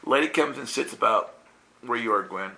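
Gravelly bright-voiced guy preaching, animated and laughing, does little voices for people. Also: medium pitch, normal speed. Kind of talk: lively sermon with storytelling.

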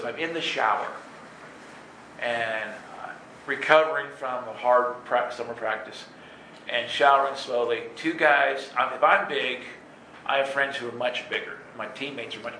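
Guy telling animated stories, bright tense voice, faint room hum. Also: mid-range voice. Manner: animated, laughing, acts out voices in his stories. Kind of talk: storytelling talk. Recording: echoey room with faint ambience.

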